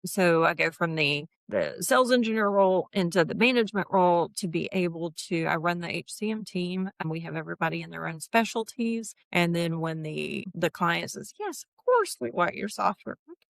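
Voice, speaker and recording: Gravelly-voiced woman in her fifties. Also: on the low side, normal speed, few pauses, no room sound, studio quality. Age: 50s. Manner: chatty, acts out quoted dialogue, laughs often. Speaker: guest, HR consultant. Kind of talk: casual interview chat.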